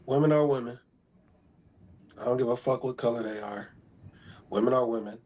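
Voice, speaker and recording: A man's voice: mid-range voice, moderate pace, a little mellow. A man speaking as a talk show guest, stating firm, repetitive opinions about women in casual talk.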